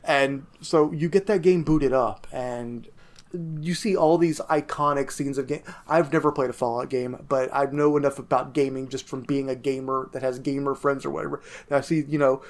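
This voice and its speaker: A man's voice: mid-range voice, normal speed. A man co-hosting a podcast, talking casually and with enthusiasm about a game he is playing for the first time. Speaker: podcast co-host. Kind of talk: casual gaming chat.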